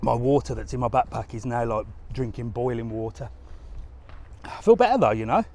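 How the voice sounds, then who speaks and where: A man's voice: mid-range voice, animated, brisk, warm tone. A man chatting casually to a live audience as he walks outdoors by a harbour, rambling through stories and laughing often. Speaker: travel vlogger. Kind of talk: casual live-stream chat.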